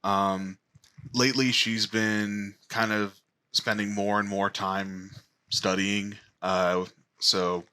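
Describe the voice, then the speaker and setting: A man narrating as the game master of a tabletop game, slow and halting with lots of fillers. His voice is low-pitched but bright and forceful.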